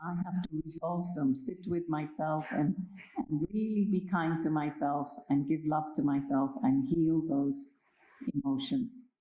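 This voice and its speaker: A woman from Kenya giving a spiritual talk on meditation, slow and reflective, often checking in with her listeners. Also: low-pitched, fairly even intonation, mellow. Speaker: meditation speaker. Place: library hall. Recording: echoey hall.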